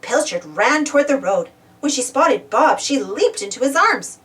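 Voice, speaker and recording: A woman gently reading a children's storybook aloud as a storyteller. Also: high-pitched, big pitch swings, normal speed, distant mic.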